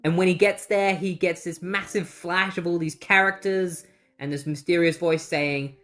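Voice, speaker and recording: Brief: casual comic recap host, mid pitch, wry and breezy, quick asides. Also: steady tone, fairly bright tone, faint music behind. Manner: breezy, wry, swears casually, acts out quotes. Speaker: comic book retrospective host.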